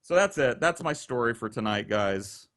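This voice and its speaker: A man telling a profane, animated story in casual style, acting out the voices, over a video call. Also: medium pitch, normal speed, a little hiss or hum. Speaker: storyteller guest.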